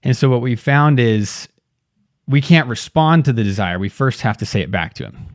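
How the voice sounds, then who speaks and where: Halting young male interviewer, dry sound. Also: mid-range voice, animated, no room sound. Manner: halting, restarts often while thinking aloud. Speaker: host. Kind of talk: casual interview chat.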